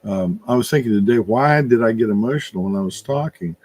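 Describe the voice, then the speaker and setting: An older man in casual conversation, thinking out loud in a rambling way, with many restarts and fillers. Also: mid-range voice, brisk. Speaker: podcast co-host. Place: room with his wife nearby.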